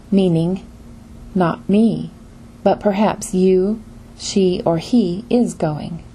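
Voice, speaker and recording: Brief: woman, mellow scripted lesson narrator, slow and even, faint noise behind. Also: on the low side. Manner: slow, even lecture delivery. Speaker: pronunciation teacher.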